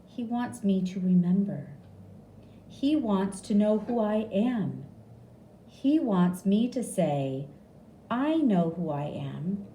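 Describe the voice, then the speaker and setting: Doctor role: calm, quiet, controlling man, read by a woman, echoey room. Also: slow pace, a little hiss or hum. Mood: confiding. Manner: raised pitch, speaks quietly.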